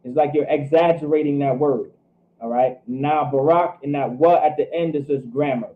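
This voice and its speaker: A man's voice: on the high side, fairly even intonation, moderate pace. A man teaching a Hebrew scripture class who thinks aloud, double-checks himself and keeps saying "all right". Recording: tinny phone-like line.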